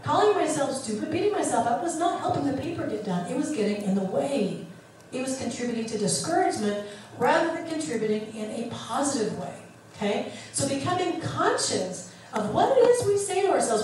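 A middle-aged woman therapist giving an animated teaching talk, acting out the voices she quotes. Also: on the high side, far from the mic, slight background noise. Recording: very echoey room, voice from off the mic.

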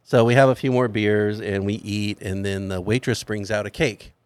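A man's voice: fairly low pitch, moderate pace, clean tone, dry recording. A middle-aged man casually telling a funny family story on a podcast, acting out the people he quotes. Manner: animated anecdote teller, acts out quoted voices. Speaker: podcast host.

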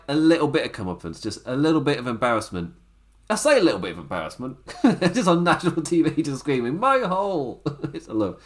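A young man hosting a wrestling show, chatting casually to camera, rambling and laughing often. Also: mid-range voice.

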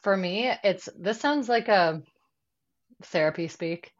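A woman's voice: mid-range voice, expressive, slow pace, muffled recording. A woman guest in a casual podcast chat, talking easily with many fillers and quoted asides.

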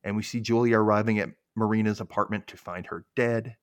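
A man's voice: fairly low pitch, fairly even intonation, a little fast, no room sound. A young man hosting a podcast, casually recapping a TV episode and acting out characters' lines in exaggerated voices. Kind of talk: casual chat.

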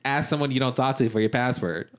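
A man's voice: mid-range voice, fast talker, fairly bright tone. A man co-hosting a podcast, teasing his friend dryly and reading out listener questions. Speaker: podcast co-host. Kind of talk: casual banter.

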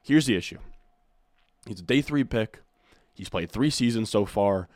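Male video host, low voice, dry close mic, chatty and emphatic, voice a bit worn. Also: expressive, normal speed, a little mellow, no echo. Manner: enthusiastic, repetitive emphasis. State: losing his voice, throat clearing. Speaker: fantasy football content creator. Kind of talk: casual video commentary.

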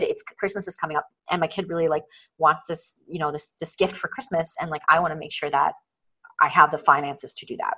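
A woman with a slightly low voice speaks as a podcast guest over a video call. She talks earnestly, with lots of "like" and "um", and acts out little inner voices as she goes. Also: a bit bright, poor audio. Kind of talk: casual interview chat.

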